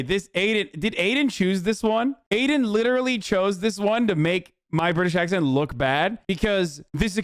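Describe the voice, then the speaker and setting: Brash high-voiced male streamer. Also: smooth, dry recording. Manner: brash, swearing, self-mocking. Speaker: streamer host. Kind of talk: casual stream commentary.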